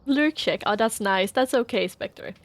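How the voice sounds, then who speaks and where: A woman livestreamer chatting casually with her viewers, playful and quick to laugh as she greets them by name. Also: medium pitch, no echo. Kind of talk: casual chat with stream viewers.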